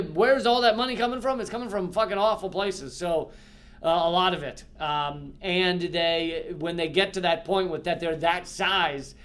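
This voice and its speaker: A man with a high-pitched voice talks straight to camera in a loose, impassioned monologue. He swears freely and keeps restarting his sentences as he pushes his point. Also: a bit bright. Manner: rambling, profane, impassioned, with many restarts. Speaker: host of a political commentary channel.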